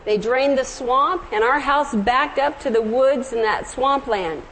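A middle-aged woman from the American South preaching a sermon, telling stories gently and slowing down on scripture and hymn lines. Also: sits high, slight background noise, poor audio. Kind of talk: sermon with storytelling.

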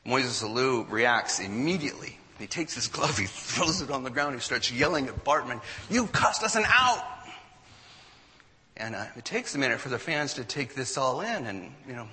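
A man telling a story to an audience in an animated way, acting out what people said. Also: mid-range voice, brisk, few pauses, big-room sound. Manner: animated storyteller, acts out quotes.

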